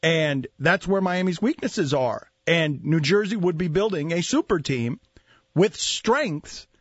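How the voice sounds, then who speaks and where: An excitable man hosting sports talk radio, his voice pitched high. He rants with laughter and mock outrage. The recording is dry and dull, with muffled highs. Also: measured pace, breathy edge, dry recording. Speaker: host.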